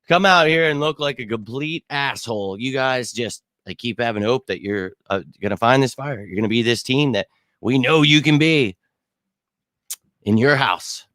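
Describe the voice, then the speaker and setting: A man's voice: medium pitch, expressive, normal speed, a bit bright, dry recording. A man hosting a sports fan show, ranting after a bad loss, still shaken and irate, stumbling and restarting often. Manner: angry, exasperated rant with frequent restarts. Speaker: podcast host. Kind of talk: postgame fan reaction talk.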